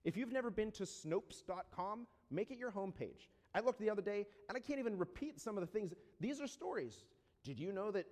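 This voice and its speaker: A man preaching a sermon in a conversational way, often checking in with rhetorical questions and slowing down to read scripture deliberately. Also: high voice, animated, darkish tone. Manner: reads scripture slowly and deliberately. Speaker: pastor. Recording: long reverb of a large hall.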